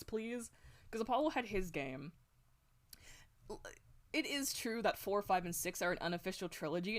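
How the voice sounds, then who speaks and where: A woman streamer chatting casually and rambling, swearing a lot and laughing often, on a close desk mic at home. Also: medium pitch. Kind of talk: casual stream chat while drawing.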